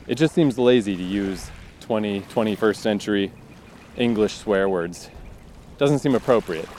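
A man's voice: on the low side, a little mellow, a little hiss or hum. A man, a fiction writer, talks casually about his writing, thinking aloud and acting out his characters' lines.

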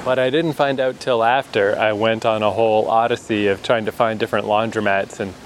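A man's voice: on the low side, steady tone, fairly quick. Chatty man vlogging on a busy street. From New Brunswick, Canada. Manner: rambling, chatty, laughs often. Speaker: travel vlogger. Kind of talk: casual travel vlog, walking outdoors. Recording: street traffic noise behind.

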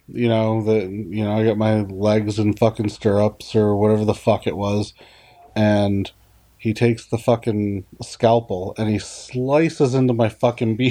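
A man's voice: on the low side, dark tone. A man telling a blunt, profanity-laden personal story in casual conversation. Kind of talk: casual chat.

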